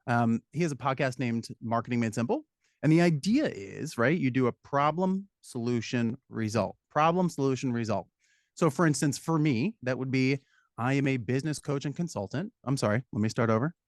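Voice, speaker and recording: A man, a business consultant, talking as a guest in a studio interview, lively and explaining with examples. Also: mid-range voice, a little fast, no room sound. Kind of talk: casual interview chat.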